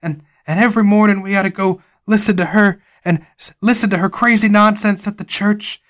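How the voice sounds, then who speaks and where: A man's voice: high voice, steady tone, brisk, fairly bright tone, voice pushed up. A man voicing a nervous male park worker who stammers out a warning. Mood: urgent.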